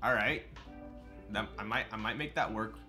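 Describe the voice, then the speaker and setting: A man's voice: lowish voice, moderate pace, bright, forceful tone, faint music behind. A man chatting casually on a live stream, answering his viewers' questions as they come in. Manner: chatty, loose, reads and answers chat.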